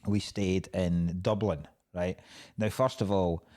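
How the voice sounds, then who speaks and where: A man's voice: low voice, fairly even intonation, slow, a little mellow. A man, a comedian and podcast co-host in casual chat, telling a story with lots of swearing and laughing.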